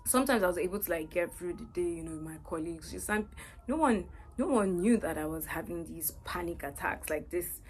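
A woman's voice: lowish voice, lively intonation, a little fast, slight background noise. A woman sharing a personal faith testimony in an earnest, repetitive way. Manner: earnest, repeats herself with many "you know"s.

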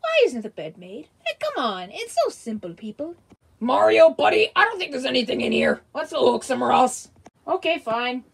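Excitable, high, lively woman. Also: normal speed, gravelly, slight background noise. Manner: excitable, jokey, yelps a lot. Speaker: toy video creator voicing characters. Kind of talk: comedic toy-play voice acting.

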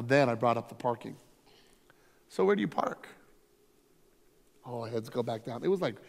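A lead pastor with a fairly high, gravelly voice teaches a conference workshop through energetic, emphatic storytelling. The room is a workshop space, and the recording carries long hall reverb.

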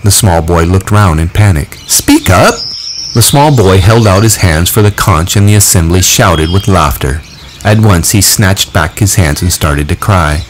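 A man narrating a novel aloud in a measured, expressive reading. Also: sits low, slight background noise, low-quality recording. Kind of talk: audiobook reading.

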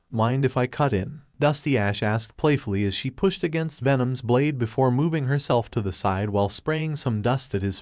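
Brief: male fanfic narrator, steady, mid pitch, dry. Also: no room sound.

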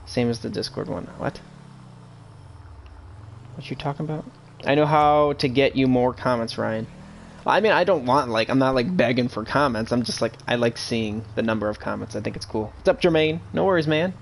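A young man talks through a live stream of a police role-play game in a loose, rambling way, swearing freely now and then. His voice sits at an ordinary middle pitch. A faint hiss runs underneath. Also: normal speed, creaky. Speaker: streamer playing a police officer.

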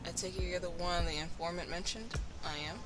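A gameplay commentator in casual let's-play talk who reads game dialogue aloud and gets loud and excited in fights. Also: medium pitch, fairly quick. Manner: reads on-screen text aloud, breaks into excited yelling during fights. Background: loud game music.

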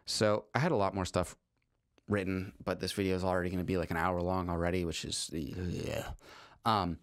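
A man's voice: low voice, little pitch movement, moderate pace, dry recording, studio quality. A man teaching music composition in a casual, rambling way, enthusiastic and full of restarts. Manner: rambling, with frequent restarts and fillers. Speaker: composer teaching on a video channel. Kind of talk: casual spoken lesson.

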